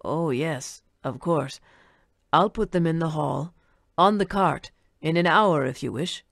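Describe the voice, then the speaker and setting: A woman reading an audiobook, voicing a frail, polite old man who speaks slowly and mumbles as if talking to himself. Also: low voice, gravelly, fairly bright tone, no room sound, studio quality, heavily acted. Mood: vague, mild. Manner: slow, musing, as if talking to himself.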